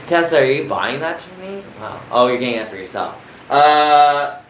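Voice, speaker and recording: A man's voice: a little high, very animated, moderate pace, fairly bright tone, roomy sound, a little hiss or hum, poor audio. A young man from New Jersey chatting casually on a live stream, rambling and answering viewers' comments. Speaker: livestreamer.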